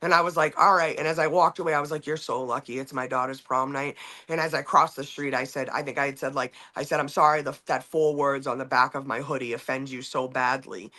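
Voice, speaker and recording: A woman's voice: sits low, level tone, quick pace, hardly any pauses, sharp tone. A woman in her forties, a podcast host, telling a rambling, profane story in casual chat with many restarts.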